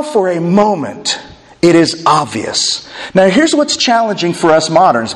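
A man preaching a sermon, swinging between emphatic declarations and hushed, slow phrases. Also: fairly high pitch. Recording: long reverb of a large hall.

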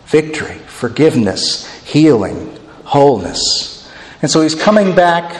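A male pastor preaching an expressive sermon, swinging his voice up and down as he acts out the people in the story. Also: fairly high pitch. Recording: long reverb of a hall.

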